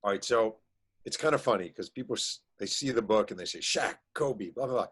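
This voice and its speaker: He speaks in a fairly low voice as a guest author spinning anecdotes. His pace surges in quick bursts, loaded with "like" and "um." It sounds animated and conversational rather than scripted. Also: breathy edge. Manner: animated storyteller, quick bursts, many fillers. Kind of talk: casual storytelling chat.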